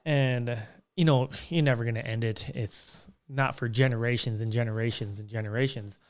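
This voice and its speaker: A man's voice: medium pitch, fairly even intonation, moderate pace. A young man hosting a casual solo podcast from a small curtained room, telling stories in a rambling way with frequent restarts. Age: young adult. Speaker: podcast host.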